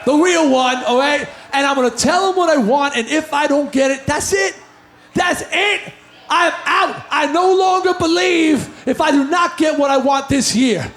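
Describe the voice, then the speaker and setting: A man's voice: very high voice, moderate pace, a bit bright, slight background noise. A man from the New York area telling a brash, joking story on a live stage between songs. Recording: roomy live venue with faint music.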